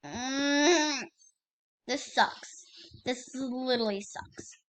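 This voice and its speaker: A young woman runs her own gaming channel, commentating casually and excitably on her gameplay. Her voice sits high and she speaks very slowly, repeating exclamations and using plenty of fillers.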